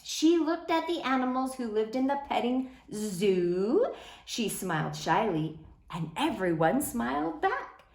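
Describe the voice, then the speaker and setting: A woman reading a children's picture book aloud in an expressive, sing-song way. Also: on the high side, measured pace. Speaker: storyteller. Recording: roomy echo.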